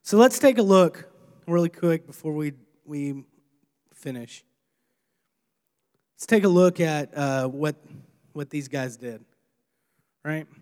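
A man, a young adult pastor, preaching a sermon in a lively, animated way, sometimes acting out strained, breathless voices. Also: fairly high pitch, takes it slowly, long pauses, clear, resonant tone.

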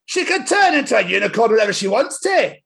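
A man's voice: very high voice, very animated, quick pace, creaky, fairly bright tone, pitched above the performer's own voice, exaggerated voice. A man voicing a cheeky little Scottish girl piglet from a children's cartoon storybook, read aloud with a Scottish accent. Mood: playful.

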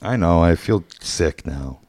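A man's voice: low voice, animated, a little slow, a little mellow, no room sound, clean studio sound. A young man with a New York accent, co-hosting a stream of prank calls and joking about himself. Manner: joking, self-mocking. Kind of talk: casual chat.

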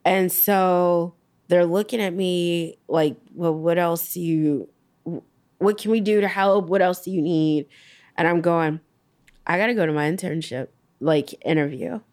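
A young adult woman, slowly recounting a personal loss as an interview guest, halting with many fillers. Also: on the low side, a little mellow.

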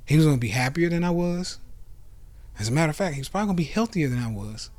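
Animated man with a fairly high voice. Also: rapid-fire. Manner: animated, swinging between loud bursts and low asides, casual cursing. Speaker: podcast host and investment club founder. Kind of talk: casual motivational monologue.

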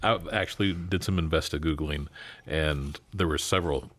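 Male radio interviewer, very low voice, curious questions, relaxed. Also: moderate pace.

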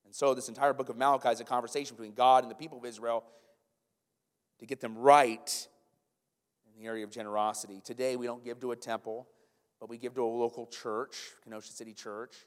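Animated pastor in an echoing hall. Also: male voice, mid-range voice, fast talker. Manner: animated, stumbling restarts and repeated words. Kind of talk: sermon. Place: church sanctuary. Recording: long church hall reverb.

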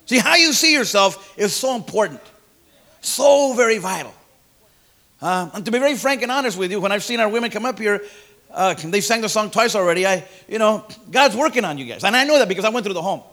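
High-voiced bright male preacher. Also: lively intonation, fairly quick. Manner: folksy, hesitant with fillers and repeated words; emphatic, rising to loud declarations. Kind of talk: sermon.

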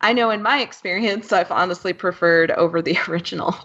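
A woman who translates, chatting casually in a relaxed, agreeable way. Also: on the low side, a little fast. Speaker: translator and co-host. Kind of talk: casual podcast chat. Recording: dull lo-fi sound.

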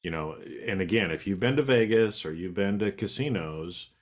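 A man with a very deep voice, hosting a casual conversation. He explains things emphatically to his listeners, with loose phrasing and the odd swear word. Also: animated, normal speed. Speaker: podcast host, hypnotist.

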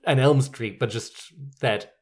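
A podcast co-host chatting casually about a movie, with wry deadpan asides. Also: mid-range voice, takes it slowly.

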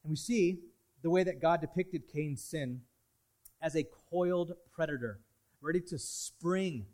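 This pastor has a notably high voice and preaches his sermon from the pulpit without hurrying. He leans hard into key lines, then drops to a soft, confiding hush.

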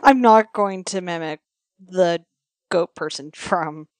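A woman's voice: fairly low pitch, slow pace. A woman co-hosting a podcast in casual chat, laid-back with mostly brief replies. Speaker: podcast co-host.

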